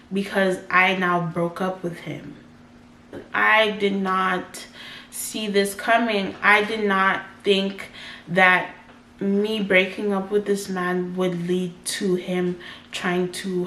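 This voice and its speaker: A woman's voice: mid-range voice, fairly bright tone. Chatty young woman in an echoey room. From Canada. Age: 20s. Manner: chatty, heavy use of "like", quotes herself in dialogue. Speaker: vlogger. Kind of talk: casual storytime narration. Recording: echoey room, faint background noise.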